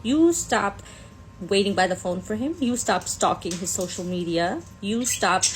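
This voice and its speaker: A woman's voice: medium pitch, expressive, measured pace, soft background music, low-quality recording. A woman explaining dating advice in a coaching manner. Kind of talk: casual advice vlog.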